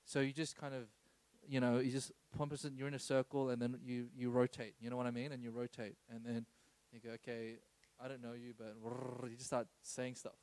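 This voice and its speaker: A man's voice: medium pitch, level tone, fairly quick, darkish tone, smooth, dry recording, poor audio. A man preaching an informal sermon, telling a personal story with many asides and tag questions like "okay?".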